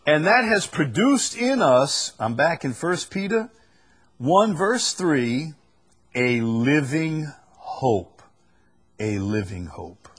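Man, pastor, sermon, slow deliberate delivery, slightly husky voice, repeats phrases for emphasis. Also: on the high side, sing-song, a bit bright. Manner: unhurried Bible teaching, repeats key phrases for emphasis.

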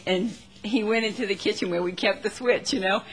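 A woman's voice: medium pitch, brisk, low-quality recording. A woman from the congregation asking the preacher a question and sharing a story, chatty with many fillers. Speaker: congregation member.

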